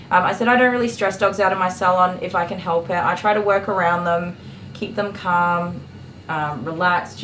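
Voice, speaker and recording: Woman, low-pitched, chatty livestream host, exasperated storytelling, echoey room, faint clipper buzz. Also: fairly bright tone, slight background noise. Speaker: dog groomer and livestream host. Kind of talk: casual livestream chat.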